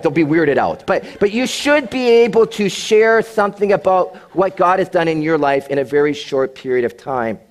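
Encouraging male pastor with a higher voice. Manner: encouraging, joking asides. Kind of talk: sermon.

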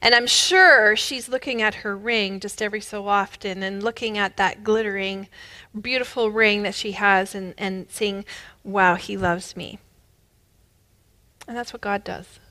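A woman preaching a sermon with emphatic, rising bursts of loudness, she is middle-aged. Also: mid-range voice, fairly even intonation, unhurried. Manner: emphatic, builds to loud bursts.

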